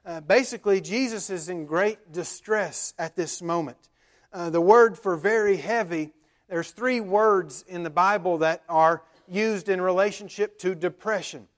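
High-voiced preacher retelling scripture plainly. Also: male voice, unhurried. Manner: conversational preaching with frequent "uh" fillers. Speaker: pastor. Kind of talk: sermon.

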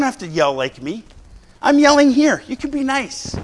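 A middle-aged man preaching a fiery sermon, exhorting the crowd with repeated lines and sudden bursts of shouting. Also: very high-pitched, sing-song, moderate pace, a little hiss or hum. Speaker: pastor.

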